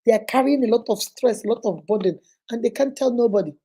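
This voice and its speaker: A middle-aged woman hosting a live-stream chat and counseling show, animated and chatty as she greets viewers by name. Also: fairly high pitch, quick pace, husky, low-quality recording. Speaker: host and counselor.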